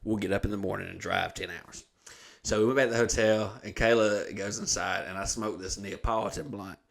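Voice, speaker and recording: A man's voice: lowish voice, steady tone, brisk, gravelly. A man in his thirties telling a crude story in casual chat, acting out the other voices as he goes. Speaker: comedian host.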